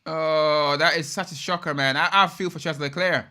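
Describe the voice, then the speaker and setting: A young man hosting a live race watch-along, reacting in an excitable, slangy way and chatting with viewers. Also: a little high, normal speed. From United Kingdom. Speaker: live stream host.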